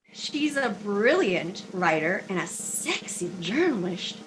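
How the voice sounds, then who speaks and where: A woman's voice: medium pitch, very animated, normal speed, few pauses. A woman hosting a comedic drinking chat show over a video call, teasing and bawdy with her guests. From United States. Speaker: host.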